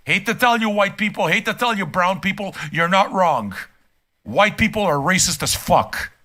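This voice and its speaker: A man's voice: sits high, lively intonation, moderate pace, bright, forceful tone. An older man streaming a reaction and ranting casually from his room, profane, emphatic and heated. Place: home room.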